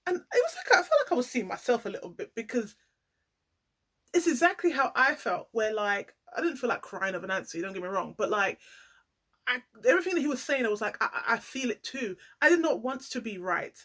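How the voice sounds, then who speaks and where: A woman giving a casual, animated vlog commentary, playing up the drama and talking straight to her viewers. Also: fairly high pitch, a little fast. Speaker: YouTuber reviewing a reality show.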